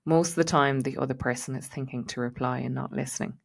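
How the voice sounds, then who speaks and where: Low-voiced woman coaching, reflective and unhurried. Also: steady tone, creaky. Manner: reflective, many fillers and repeated words. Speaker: podcast host and transition coach. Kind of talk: casual coaching talk.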